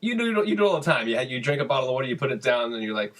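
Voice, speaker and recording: Male co-host, husky, giggly, swears freely, loose chat. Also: mid-range voice, big pitch swings, very fast, fairly bright tone. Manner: laughs a lot, swears casually. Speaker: podcast co-host. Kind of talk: casual podcast chat reminiscing about a show.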